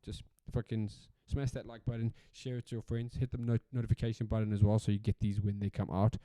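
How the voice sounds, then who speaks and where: A man's voice: fairly low pitch, little pitch movement, fast talker, warm tone, no echo. A South African man hosting a solo podcast in a casual, rambling rant, swearing freely and repeating himself for emphasis. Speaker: podcast host.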